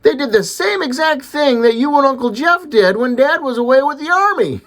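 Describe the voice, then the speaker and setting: Brief: tattling little boy, as a grown man puts him on, lively and high. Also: normal speed, a little hiss or hum. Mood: excited. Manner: breathless, eager, tumbling rush.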